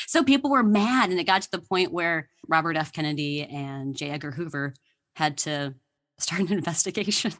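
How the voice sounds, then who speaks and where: A woman guest on a podcast with a slightly low voice. She spins history anecdotes in a chatty, conversational way and giggles often. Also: lively intonation, normal speed, fairly bright tone. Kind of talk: casual interview chat.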